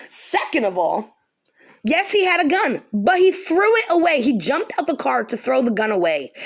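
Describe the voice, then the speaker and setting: Fired-up woman ranting, high lively voice. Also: gravelly. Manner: heated, profane, emphatic, repeats lines for stress. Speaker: vlogger. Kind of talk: angry direct-to-camera rant.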